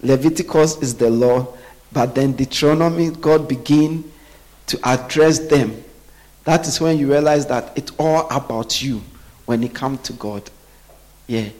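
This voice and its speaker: A man preaching a sermon, often pausing so the congregation can finish his sentences. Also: medium pitch, darkish tone. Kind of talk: sermon with call-and-response.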